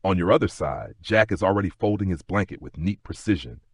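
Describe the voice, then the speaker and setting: Deep husky male sleep-story narrator. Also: expressive, dry recording, clean studio sound. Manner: slow, gentle, second-person telling.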